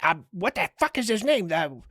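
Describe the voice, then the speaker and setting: A man co-hosting a podcast, trading crude, offensive jokes in a blunt, deadpan way. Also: sits high, moderate pace, no room sound, clean studio sound. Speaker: podcast co-host. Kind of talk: crude comedic banter.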